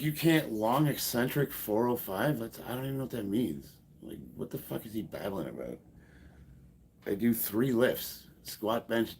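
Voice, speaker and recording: A man's voice: lowish voice, a little mellow, husky. A man in his fifties, a powerlifter chatting casually on a live stream, sarcastic and profane, laughing often. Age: 50s.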